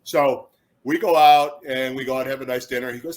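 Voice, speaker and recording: A man in his fifties from Chicago, a former football player, telling lively anecdotes as an interview guest and acting out other people's words. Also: medium pitch, a little fast. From Chicago, USA. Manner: animated storyteller who acts out quotes, with frequent restarts.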